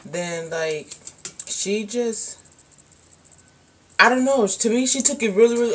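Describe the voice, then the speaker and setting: A woman's voice: fairly high pitch, animated, measured pace, pauses often, background noise. A young woman vlogger telling a personal story in a casual, rambling way, full of "like" and "um". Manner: rambling, candid, lots of "like" and "um".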